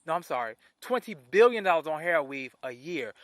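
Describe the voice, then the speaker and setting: A man's voice: fairly high pitch, lively intonation, moderate pace, hardly any pauses, a bit bright, dry recording, studio quality. A man ranting his opinions in a vlog, indignant and repeating himself as he restarts phrases. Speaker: vlogger. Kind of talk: opinion rant to camera.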